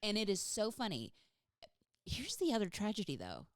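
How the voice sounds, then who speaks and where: A woman co-hosting a podcast in casual chat, telling stories with animated, laughing delivery. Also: medium pitch, normal speed, dry recording, studio quality. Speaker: podcast co-host.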